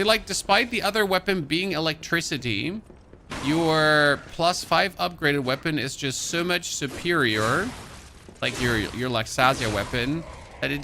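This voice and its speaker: Brief: German-accented young male streamer, gravelly, chatty play-by-play, slightly high voice. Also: bright, forceful tone, a little hiss or hum. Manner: chatty, reads in-game notes aloud, jumpy outbursts. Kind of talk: gaming livestream commentary.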